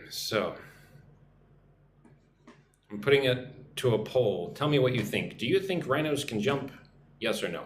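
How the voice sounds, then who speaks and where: Male teacher on a live stream, musing and chatty, animated pitch, roomy echo. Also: slow, long pauses, a little hiss or hum. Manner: chatty, musing aloud, reading viewer comments. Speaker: English teacher. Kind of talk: live-streamed English lesson. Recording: echoey room with faint ambience.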